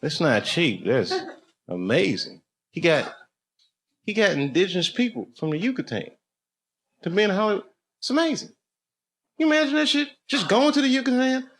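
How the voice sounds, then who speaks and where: Profane, animated male stand-up comic. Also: sits high, normal speed, pauses often. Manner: profane, animated storytelling with mock voices. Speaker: stand-up comedian. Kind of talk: stand-up routine. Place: comedy club stage with a laughing audience. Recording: loud audience noise, live club recording.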